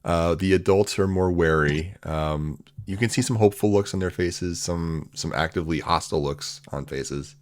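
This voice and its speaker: A man narrating a tabletop role-playing game as game master, in a relaxed, casual way. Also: low-pitched, moderate pace, few pauses.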